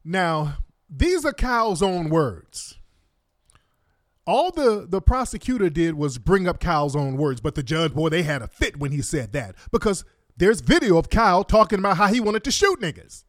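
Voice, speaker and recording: A man's voice: on the high side, sing-song, normal speed, no echo, studio quality. A man giving indignant, profane, mocking commentary while reacting to court video. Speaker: online commentator.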